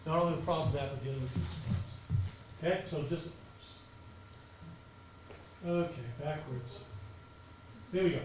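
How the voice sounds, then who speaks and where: Passionate fast-talking man lecturing. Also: on the high side, slight background noise. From United States. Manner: fast, passionate, animated delivery. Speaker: lecturer on crisis communications. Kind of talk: conference talk. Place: auditorium. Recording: echoey auditorium from far off.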